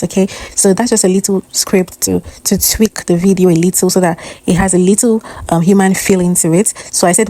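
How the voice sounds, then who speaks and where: Woman explaining a tutorial, warm low voice. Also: steady tone, fairly quick, hardly any pauses. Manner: explanatory, step-by-step, with "um" fillers. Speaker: host. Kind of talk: tutorial narration.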